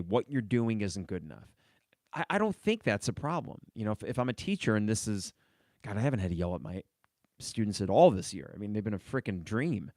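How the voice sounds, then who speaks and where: Here a lone sports podcaster with a lowish voice chats casually, wandering through opinionated takes and answering what viewers post in the live chat. The sound is clean studio audio without room sound.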